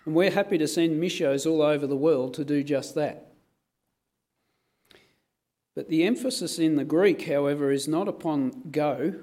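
A man preaching in an earnest, measured way as a pastor. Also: on the high side, mellow. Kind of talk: sermon.

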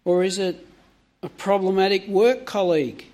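Male preacher, higher register, sermon delivery, peppers the congregation with direct questions. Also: measured pace.

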